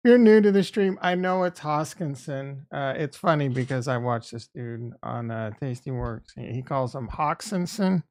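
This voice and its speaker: A man's voice: medium pitch, animated, measured pace, darkish tone. Rambling man hosting a live stream. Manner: rambling and self-interrupting, with frequent fillers. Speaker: streaming channel host. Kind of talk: casual live-stream chat.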